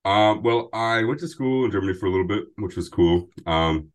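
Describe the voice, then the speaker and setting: A young man from Pennsylvania, a bass singer chatting as a guest in an easygoing, storytelling way. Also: a little fast. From Pennsylvania, USA. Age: young adult. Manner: laid-back, chatty storyteller. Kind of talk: casual interview chat.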